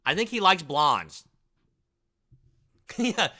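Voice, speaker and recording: A man hosting a casual live stream, talking in excitable, rambling, jokey bursts. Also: sits high, unhurried, long pauses.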